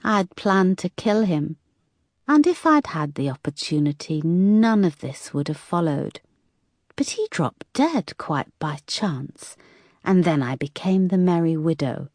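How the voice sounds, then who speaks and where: A woman doing a whispery, calm killer on the phone. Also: lowish voice, no echo. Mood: cold, calm. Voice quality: muffled, whispery. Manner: slow, calm, menacing.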